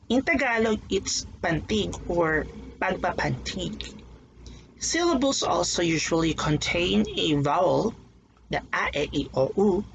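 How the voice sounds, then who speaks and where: Teacher, recorded lesson for young pupils, slow and careful, gravelly voice, faint background hiss. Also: mid-range voice, a bit bright, rough recording. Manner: slow, careful, sounding out words syllable by syllable.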